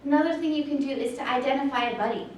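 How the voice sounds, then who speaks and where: Woman presenter, high voice, earnest, distant mic in a very echoey hall. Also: rapid-fire, slight background noise. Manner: earnest, acts out shouted lines in a story. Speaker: suicide prevention presenter. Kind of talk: presentation with storytelling. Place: large echoey room with audience. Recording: very echoey room from far off.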